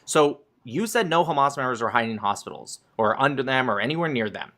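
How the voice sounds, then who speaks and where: A man's voice: medium pitch, big pitch swings, fast, sharp tone. A man debating in a heated live argument, combative and sarcastic, often cutting in.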